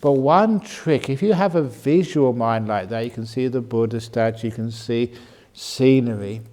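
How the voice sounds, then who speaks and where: A man, a Buddhist monk, answering questions at a meditation retreat in a gently humorous way, slowing and softening his voice to show calm speech. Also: medium pitch. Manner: gently humorous, laughs at his own jokes. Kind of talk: dharma Q&A talk at a retreat.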